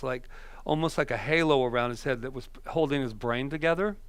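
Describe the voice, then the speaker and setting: A male minister giving a conversational sermon, telling stories that swing from emphatic to hushed. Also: medium pitch, dry recording.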